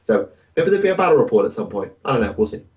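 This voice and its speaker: A man's voice: mid-range voice, big pitch swings, very fast, a little mellow, recorded from a distance, dull audio. A man co-hosting a casual gaming podcast, reading listener questions and rambling through answers with plenty of hesitations. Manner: rambling and hesitant, with many fillers.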